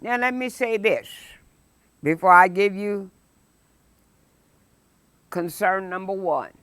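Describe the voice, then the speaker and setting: A woman teaching a Sunday school lesson, preaching emphatically and breaking into loud exclamations. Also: mid-range voice, expressive, no room sound. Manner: emphatic, rises to shouted exclamations; slow, deliberate phrasing.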